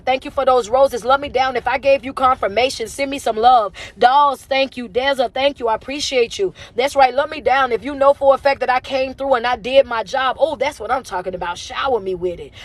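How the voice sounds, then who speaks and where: A woman giving a motivational talk on a phone livestream, as a life coach, with an emphatic, repetitive, preacher-like cadence. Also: high-pitched. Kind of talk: motivational live stream talk.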